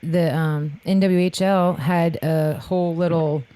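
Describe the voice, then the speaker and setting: A woman's voice: lowish voice, steady tone, unhurried, warm tone. Woman co-host, easygoing, rambling casual delivery. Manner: casual, laughing, loose filler-heavy talk. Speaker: podcast co-host. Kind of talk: casual podcast chat.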